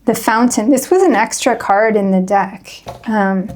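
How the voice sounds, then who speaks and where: Gentle, earnest woman reading tarot. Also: on the high side, slight background noise. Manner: gentle, earnest and reflective, with many pauses and fillers; reads card meanings aloud from a guidebook. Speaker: tarot reader, channel host. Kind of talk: spiritual tarot card reading.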